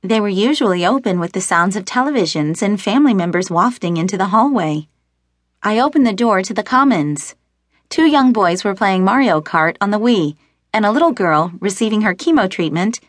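A woman's voice: mid-range voice, animated, brisk, no room sound, studio quality. A woman narrating a first-person romance audiobook, lightly shifting her voice for characters. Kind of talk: scripted narration.

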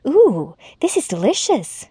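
Brief: a woman voicing a sweet, dramatic young woman, raised pitch, soft-spoken, dry close sound. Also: huge pitch swings, measured pace, breathy edge, no echo, heavily acted. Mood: sweetly polite.

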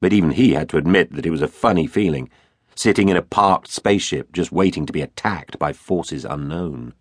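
A deep-voiced male narrator reads a children's audiobook at normal speed, theatrical and playful, with big expressive swings. It's recorded dry in a studio booth.

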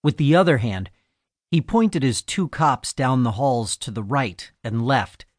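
A man narrating a crime novel audiobook in a measured, even storytelling manner on a close studio mic. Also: medium pitch, no room sound. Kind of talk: scripted narration.

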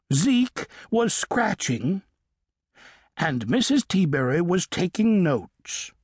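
Slow, expressive storybook narrator, male. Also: a little high, husky, dry recording, studio quality. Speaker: audiobook narrator. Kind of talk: children's audiobook narration. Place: recording studio. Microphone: studio microphone.

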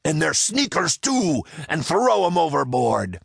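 Blustering storybook pirate captain, high and roaring, man doing the voice. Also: big pitch swings, measured pace, gravelly, breathy edge, no room sound, clean studio sound, full character voice. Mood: scolding, roaring. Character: blustering male pirate captain, bossy and loud.

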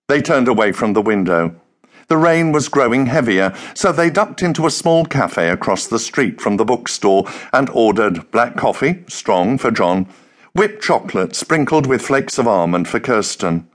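A man narrating a novel as an audiobook in a measured, unhurried storytelling manner. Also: medium pitch. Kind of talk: scripted narration.

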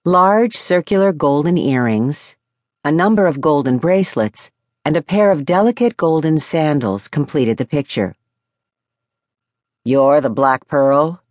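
A woman narrating an audiobook with measured, expressive storytelling. Her pitch moves in a lively way, and the close studio sound is very dry. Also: dry recording. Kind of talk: scripted narration.

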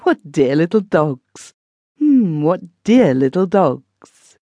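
A woman voicing a mumbling shabby old London man, drawn-out and slow, in an audiobook reading. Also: lowish voice, very animated, warm tone, no room sound, highs cut off, heavily acted. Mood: muttering.

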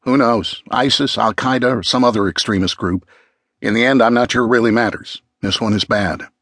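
A male narrator voicing a calm, commanding middle-aged father who gives firm, steady instructions. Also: mid-range voice, a little fast, dry recording, clean studio sound. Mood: urgent.

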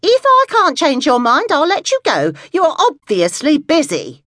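Woman doing a querulous old busybody, high and whiny, wails when she doesn't get her way, storybook. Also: wildly swooping pitch, normal speed, a bit bright, no room sound, clean studio sound, full character voice. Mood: indignant. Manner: whiny, wailing, impatient. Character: querulous, pushy older woman on the phone. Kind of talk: audiobook dialogue.

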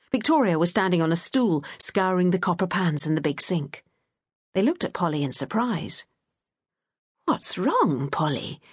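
A woman reading an audiobook in a gentle, measured storytelling manner. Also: lowish voice, slightly rough, dry recording, clean studio sound. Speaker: audiobook narrator. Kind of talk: scripted narration.

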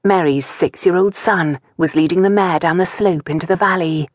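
A woman narrating an audiobook novel in a calm, measured storytelling manner. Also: fairly low pitch, no room sound, studio quality. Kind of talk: scripted narration.

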